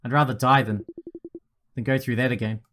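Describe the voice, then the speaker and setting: A man's voice: mid-range voice, steady tone, brisk, background noise, lightly acted. A man voicing a dying man who is bitter, desperate and prone to swearing. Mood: pleading. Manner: pleading, swearing, breaking into pained outbursts.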